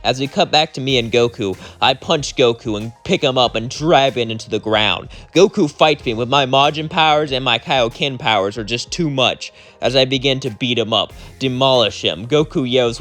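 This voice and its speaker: Young man, casual storyteller, rambling, medium pitch, faint music underneath. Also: moderate pace, few pauses, fairly bright tone. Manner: rambling, acts out every character himself. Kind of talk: casual fan-fiction narration.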